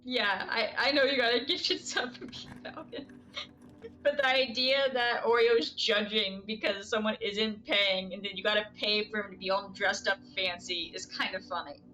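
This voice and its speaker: Bright-voiced chatty woman streamer. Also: mid-range voice, steady tone, normal speed, slight background noise. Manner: chatty, giggly, answers chat. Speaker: game streamer. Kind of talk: casual live-stream chat.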